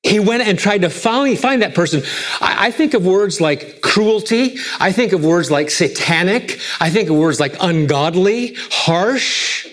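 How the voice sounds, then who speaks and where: Emphatic preacher with a higher voice. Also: male voice, expressive, unhurried. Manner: emphatic, repetitive rhetorical questions with wide swings in pitch and loudness. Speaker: pastor. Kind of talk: sermon.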